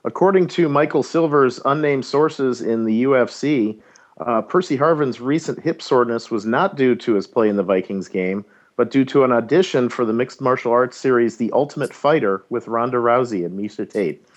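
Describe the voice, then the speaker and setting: A man's voice: medium pitch, moderate pace. A man co-hosting a fan podcast, delivering jokey mock news bits in casual chat. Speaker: podcast co-host.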